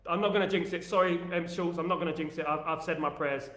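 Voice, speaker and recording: A London-accented man hosting a casual football live stream, reading viewer comments aloud, upbeat and repeating his phrases as he shouts out fans. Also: fairly high pitch, fairly even intonation, fast, reverberant. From England. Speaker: livestream host.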